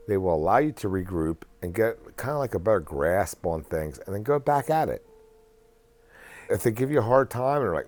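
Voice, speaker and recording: Low-voiced man ranting earnestly. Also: a little mellow. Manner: earnest, rambling, repeats and restarts phrases. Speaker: vlogger. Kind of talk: casual advice rant.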